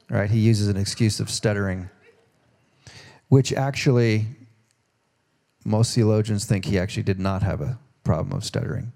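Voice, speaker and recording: A male pastor preaches to his congregation in a relaxed, conversational sermon, with a gravelly edge in his voice. His tone is dark and mellow, and he keeps turning to the room with questions. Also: fairly low pitch, normal speed, pauses often. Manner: acts out voices in quoted dialogue. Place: church service.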